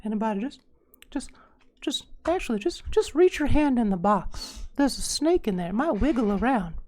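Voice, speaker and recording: A man putting on a creepy male children's magician in a high falsetto, coaxing and drawn out. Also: sing-song, normal speed, darkish tone, slight background noise.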